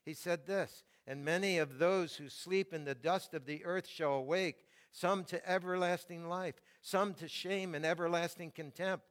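An older man preaching a sermon, reading scripture aloud and slowing down to stress key phrases. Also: fairly high pitch, fairly even intonation. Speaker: pastor.

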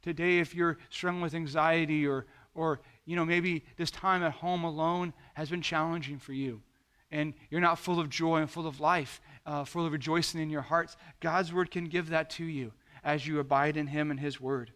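A man preaching an earnest, gentle devotional sermon to listeners at home, with frequent fillers and restarts. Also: fairly high pitch, steady tone, normal speed. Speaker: pastor.

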